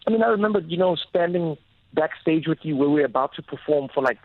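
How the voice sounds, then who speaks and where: A man with a South African accent, a comedian talking as a guest in a radio interview and telling animated stories. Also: on the high side, fast talker, no echo. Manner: lively storyteller, animated. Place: radio studio. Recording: dull, dry radio studio sound.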